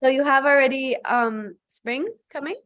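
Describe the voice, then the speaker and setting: A woman's voice: high-pitched, moderate pace, fairly bright tone. A woman yoga teacher hosting a casual live-stream chat, talking in a loose, chatty way with lots of filler "like", heard over a video call.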